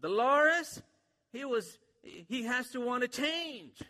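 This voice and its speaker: A man's voice: very high voice, animated, takes it slowly, bright, forceful tone, big-room sound, pitched above the performer's own voice, heavily acted. A man voicing a hopeful, nagging mother butterfly with a Mexican accent in a sermon joke. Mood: exasperated.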